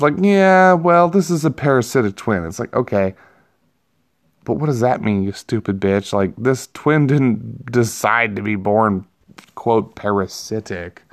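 A man giving a rambling, profane, self-amused movie review in a casual vlog. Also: medium pitch. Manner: rambling, profane, laughs at himself.

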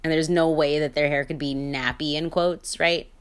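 A woman's voice: deep voice, fairly even intonation, moderate pace, clean tone. A woman hosting her own podcast, talking through her opinions in a candid monologue with frequent fillers, restarts and small laughs. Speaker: podcast host.

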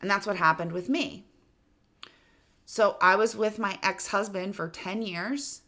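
A woman's voice: medium pitch, measured pace, a bit bright. A woman, about in her thirties, giving casual self-help advice straight to the listener, frank and swearing now and then. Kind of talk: direct-to-camera advice talk.

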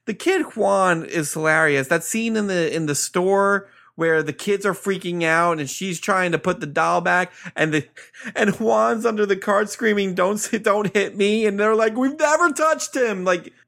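Bright high-voiced man defending a movie. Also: normal speed, gravelly. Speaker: podcast co-host. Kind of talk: casual movie review chat.

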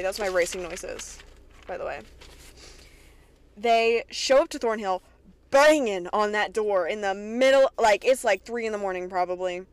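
A young woman from Kentucky hosting a podcast, recapping a TV episode in an excitable, chatty way with plenty of swearing. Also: mid-range voice, unhurried, no room sound. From Kentucky, USA. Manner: chatty, profane, excitable retelling. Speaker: podcast host.

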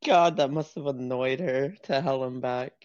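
Low-voiced blunt woman. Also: moderate pace, a little mellow, no echo. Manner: blunt, swears, laughs along. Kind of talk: casual chat. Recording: dry, dull lo-fi sound.

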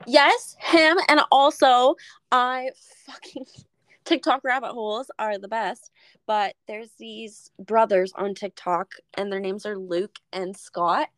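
A young woman co-hosting a podcast in casual chat, gushing and excitable, swearing a lot. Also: fairly high pitch, takes it slowly, dry recording. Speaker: podcast co-host.

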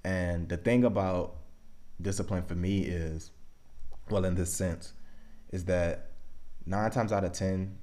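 A young man with a Baltimore accent hosting a casual solo podcast, talking things through in a relaxed, conversational way with plenty of "like" and "um". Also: sits low. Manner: relaxed, conversational, thinks aloud with frequent "like" and "um". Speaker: podcast host.

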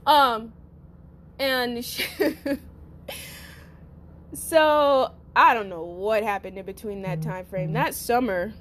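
A woman hosting a podcast, telling a personal story in a casual, profane, animated way and talking straight to her listeners. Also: a little high, slow, long pauses, slight background noise. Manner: profane, animated, acts out quotes; addresses listeners as y'all. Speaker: podcast host.

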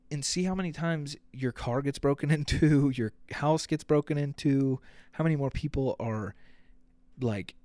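A podcast host with a warm, mid-range voice rants casually and comically, swearing freely and acting out quotes. He rambles as he goes, and the recording has no echo.

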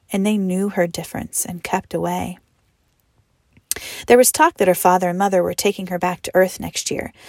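A woman reading a story aloud expressively, slowing down and sometimes dropping to a whisper. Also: on the low side, gravelly, no room sound, studio quality. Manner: expressive, slows and drops to a whisper for effect. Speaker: story reader.

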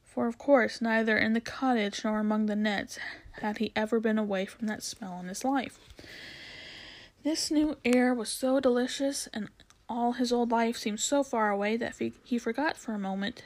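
A woman reading a children's novel aloud at a steady pace, with occasional small restarts. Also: a little high, normal speed, rough recording. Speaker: reader.

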